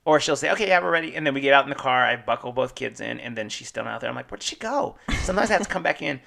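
A man's voice: mid-range voice, rapid-fire, gravelly, sharp tone. A man in his thirties co-hosting a casual chat show, telling jokey stories and acting out what people said. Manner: joking storyteller, acts out quotes. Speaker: podcast co-host.

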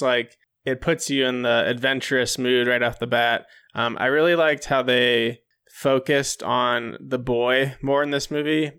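Brief: male podcast co-host, flat steady delivery, bright smooth voice, measured film talk. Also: mid-range voice. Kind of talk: casual film discussion.

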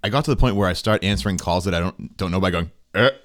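A man hosting a podcast, telling stories in a rambling, profane, animated way. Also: sits low, racing, no room sound, clean studio sound. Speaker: podcast host. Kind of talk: casual podcast chat.

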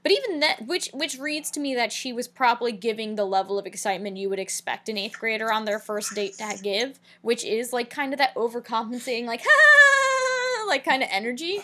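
A woman co-hosting a podcast, recapping a TV episode in casual chat, wry and full of quick asides. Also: on the high side, fairly bright tone. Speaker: podcast co-host.

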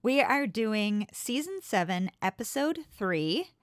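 A chatty woman co-hosting a podcast, giggling between thoughts and second-guessing how to pronounce place names. Her voice sits at an ordinary middle pitch and is recorded close and dry, with no room sound. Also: sing-song, slow pace, dry recording. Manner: chatty, giggles often, unsure about pronunciations. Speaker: podcast co-host. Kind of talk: casual chat.

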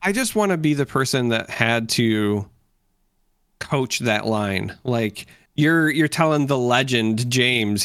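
A man's voice: mid-range voice, lively intonation, slow pace, a bit bright, smooth, dry recording, studio quality. A man co-hosting a podcast, chatting casually and joking with playful impressions. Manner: easygoing, jokes with playful impressions. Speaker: podcast co-host. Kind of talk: casual chat.

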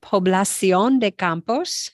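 A woman's voice: medium pitch, slow pace, no room sound, clean studio sound. Upbeat woman hosting a language lesson. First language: English. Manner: upbeat, self-deprecating, prompts each word. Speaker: podcast host.

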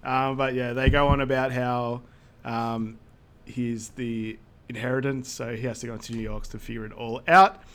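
A man in an easygoing film-recap chat, talking at a mid-range pitch for a man. He retells scenes loosely, leaning on quoted lines and quick laughs. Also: level tone, a bit bright, slight background noise. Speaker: podcast co-host.

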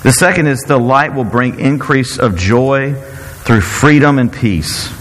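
A man's voice: medium pitch, fairly bright tone. Earnest male preacher in a reverberant hall. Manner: earnest, halting, repeats words while searching for them. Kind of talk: sermon.

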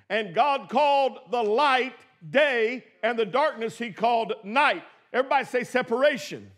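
Male pastor, very high voice, emphatic sermon delivery with loud and soft swings. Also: unhurried. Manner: emphatic preaching, swings between shouting and quiet asides.

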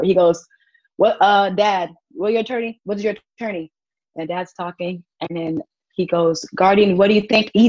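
Animated young woman with a husky voice. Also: fairly low pitch, no echo, lo-fi sound. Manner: animated, acts out quotes with laughs. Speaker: guest, volunteer child advocate. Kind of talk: casual interview storytelling.

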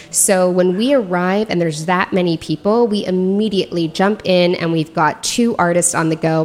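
A woman, a makeup artist and podcast guest, telling a story in a lively, casual way. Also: medium pitch. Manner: animated, acts out quoted dialogue.

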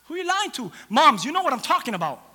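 A man's voice: very high-pitched, big pitch swings, fast talker, pushed and bright. A man preaching a sermon, retelling a scripture story with humor and acting out the characters. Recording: long hall reverb.

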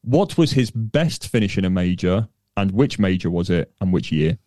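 A man's voice: low voice, animated, moderate pace, dark tone, no echo. A man co-hosting a podcast and running a quiz, with dry humour and hesitant restarts. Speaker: podcast co-host, quizmaster. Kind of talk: casual chat, running a quiz.

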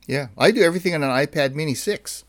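A man's voice: on the high side, expressive, fast, fairly bright tone, no room sound. A man co-hosting a casual tech podcast, chatty and rambling, often correcting himself mid-sentence. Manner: chatty, rambling, self-correcting with many fillers. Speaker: podcast co-host.

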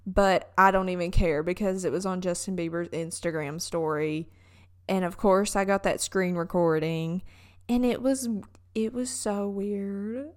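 A woman's voice: on the low side, a little slow. A young woman with a Southern US accent, chatting casually in a vlog and telling stories with lots of fillers.

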